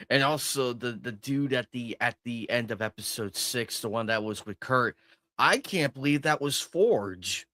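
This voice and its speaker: A man's voice: medium pitch, lively intonation, unhurried, bright, forceful tone, dry recording, clean studio sound. A man co-hosting a watch party stream, chatting enthusiastically about cartoon episodes, laughing easily. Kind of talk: casual chat reviewing cartoon episodes.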